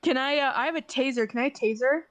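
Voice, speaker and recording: Brief: young female player, a bit high, blunt and excitable casual chat. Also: quick pace, a crowd in the background. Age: young adult.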